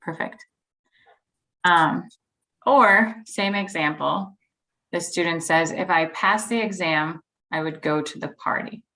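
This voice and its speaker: A woman's voice: fairly low pitch, slow pace, sharp tone, poor audio. A woman leading an online teacher-training workshop, explaining patiently with frequent ums and modeling example sentences.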